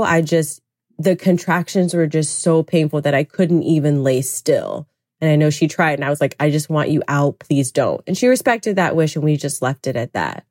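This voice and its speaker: Low-voiced woman telling a personal story. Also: darkish tone, dry recording, studio quality. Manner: candid, reflective, heavy use of "like". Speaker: podcast guest. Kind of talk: personal storytelling in a podcast interview.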